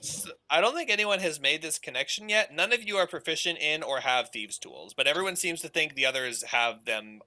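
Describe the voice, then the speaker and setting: A man working as game master, narrating a tabletop game over a voice call in a quick, amused way and laughing often. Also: a little high, animated, bright, forceful tone, poor audio.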